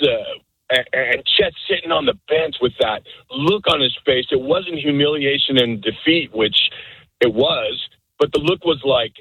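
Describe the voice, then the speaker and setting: Husky-voiced rambling radio caller. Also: male voice, fairly high pitch, no room sound, dull audio. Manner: rambling, halting, full of restarts. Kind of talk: rambling call-in praise.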